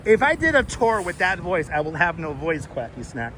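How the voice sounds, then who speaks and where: A man's voice: fairly high pitch, huge pitch swings, normal speed, few pauses. A man with a Brooklyn accent hosting a casual live-stream walking tour, joking and swearing as he chats with viewers. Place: outdoors on busy city streets. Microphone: wireless clip-on mic. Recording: loud city street noise.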